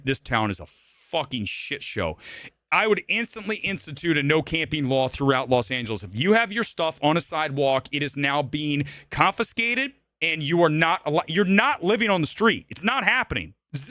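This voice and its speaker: A combative male host rants on a live movie stream, hammering his points with repetition and profanity. His pitch sits a bit high and swings widely. The sound is dry and close. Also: sharp tone, no room sound. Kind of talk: ranting live-stream commentary. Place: Los Angeles.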